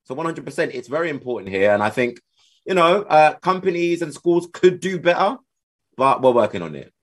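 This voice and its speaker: Upbeat British man, husky voice. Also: on the high side, a little fast. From United Kingdom. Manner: upbeat, expressive. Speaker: TV and radio host, guest co-host. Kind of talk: casual chat.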